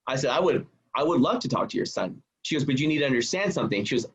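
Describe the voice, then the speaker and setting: A man guest on a podcast, telling a personal story in an animated way and acting out the voices of the people in it. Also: mid-range voice, quick pace, husky, highs cut off. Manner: acts out quoted voices.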